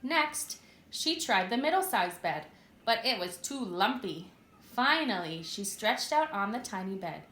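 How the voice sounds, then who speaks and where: A preschool teacher, a woman, reading a story aloud and asking the children questions in a clear, expressive way. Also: mid-range voice, unhurried. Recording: echoey room.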